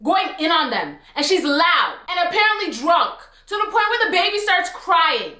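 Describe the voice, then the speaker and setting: A young woman telling a storytime vlog, animated and slangy. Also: extremely high pitch, moderate pace. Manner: animated, expressive, slangy retelling. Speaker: storytime vlogger. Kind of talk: casual storytime. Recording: roomy echo.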